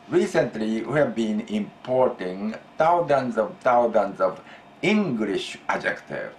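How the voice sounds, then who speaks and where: A Japanese man with a Japanese accent teaching a language lesson, deliberate and repeating key phrases while stretching out example phrases. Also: lowish voice, slight background noise.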